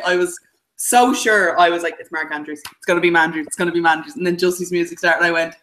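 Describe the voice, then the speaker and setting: A podcast co-host telling a long story in casual chat, animated and swearing freely. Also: mid-range voice, fast, poor audio.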